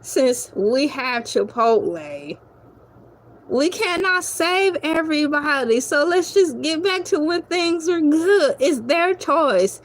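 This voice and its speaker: A woman, hosting a casual comic rant and joking, laughing and animated as she talks to viewers. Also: sits high, slow pace. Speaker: host.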